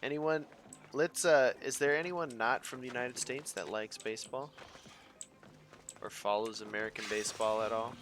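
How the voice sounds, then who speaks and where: A man's voice: mid-range voice, steady tone, moderate pace, a bit bright, faint music behind. A man casually chatting with his viewers while streaming a game, rambling between moves. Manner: rambling, chatty, talks to chat between plays. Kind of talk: casual gameplay commentary.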